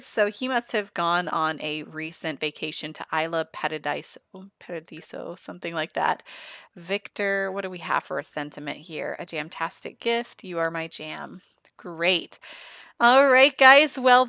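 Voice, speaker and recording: In a studio-quality recording with no echo, a woman with a fairly low voice gives chatty let's-play commentary on a life-sim game. She's gushing and excitable throughout.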